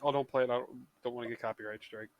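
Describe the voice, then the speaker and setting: A man's voice: medium pitch, fairly even intonation, racing, a little hiss or hum. A man playing in a tabletop game over a voice call, chatting casually with a giggly, apologetic manner. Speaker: player. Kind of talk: casual chat at the gaming table.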